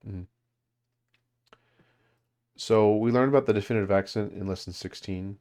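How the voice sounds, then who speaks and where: Man, very deep voice, study group leader, hesitant casual explaining. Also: normal speed, darkish tone. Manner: hesitant, filler-heavy explaining with restarts. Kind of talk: casual teaching over a call.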